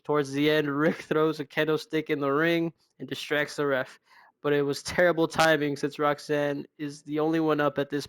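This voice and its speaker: A young man narrating a wrestling video game in a brisk, wry, casual recap style, often sighing. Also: fairly high pitch, a bit bright, clean tone, no room sound. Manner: brisk, wry, frequent sighs. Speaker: game commentator.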